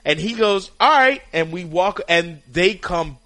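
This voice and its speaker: A man chatting casually, telling a lively story and acting out the voices of the people in it. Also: on the high side, a little slow. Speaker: caddie.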